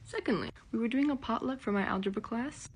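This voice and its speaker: A woman's voice: a little high, fast, a little hiss or hum. A woman from Anatolia telling a casual story about college life. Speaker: TikTok storyteller.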